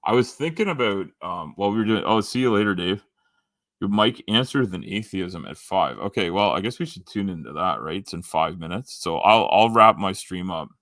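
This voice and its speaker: A man's voice: low voice, animated, normal speed, a bit bright, no echo, studio quality. A Canadian man hosting a casual livestream, reading comments aloud and rambling with many restarts and ums. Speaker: livestream host.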